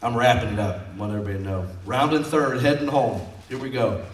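In a church sanctuary, a fast-talking male pastor with a medium-pitched voice preaches a folksy, conversational sermon that blends scripture with personal stories. The sound is roomy, picked up off mic.

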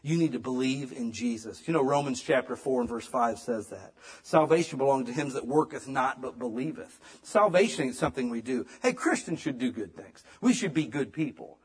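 Husky man preaching with loud-soft swings. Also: medium pitch, expressive, a little fast, hardly any pauses. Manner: emphatic, dramatic swings between loud and hushed; casual, conversational preaching with slang. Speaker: pastor. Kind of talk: sermon.

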